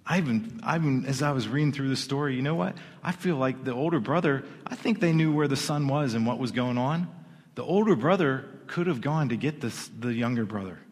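A man preaches in a middle-pitched voice. He tells the story in a loose, chatty way, with asides and repeated starts. His words carry through a large hall with a long reverb. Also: animated, brisk. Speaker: pastor. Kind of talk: sermon.

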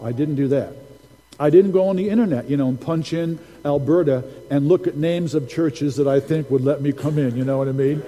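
A man's voice: fairly high pitch, fairly quick, dark tone, in a large hall, low-quality recording. A man preaching a sermon as a prophet, telling stories and repeating key phrases for emphasis.

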